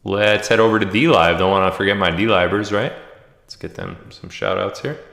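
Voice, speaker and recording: Deep-voiced man hosting a livestream. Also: steady tone, fairly quick, vocal fry. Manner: joking, reads viewer comments and shout-outs aloud. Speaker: livestream host. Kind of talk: casual livestream chat. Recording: echoey room with long reverb.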